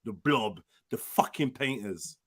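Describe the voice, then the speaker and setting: A man's voice: mid-range voice, expressive, a little slow, a bit bright. A man on a live panel, teasing the others in crude, rambling banter.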